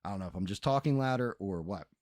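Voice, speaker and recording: A man's voice: lowish voice, animated, quick pace, darkish tone, no echo, studio quality. Profane, exasperated man ranting on stream. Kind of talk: casual ranting stream chat. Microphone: headset.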